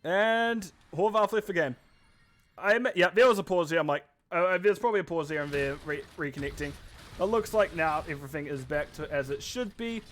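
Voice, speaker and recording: A man casting a live esports match with quick, chatty play-by-play commentary, often correcting himself mid-sentence. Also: fairly high pitch, fairly bright tone, a little hiss or hum. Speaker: esports caster.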